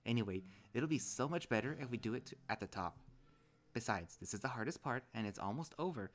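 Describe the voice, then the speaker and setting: A man's voice: medium pitch, animated, fairly quick, pitched above the performer's own voice, lightly acted. A man voicing an eager, fussy young male lynx who keeps worrying over his hiking partner. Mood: upbeat. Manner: eager, worried, babbling.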